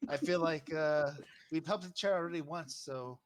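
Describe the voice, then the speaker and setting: A man voicing a kind young woman who cooks and offers to help, speaking in a soft, halting way. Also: fairly high pitch, a crowd in the background, natural voice. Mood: friendly. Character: kind young woman cook, gentle and helpful.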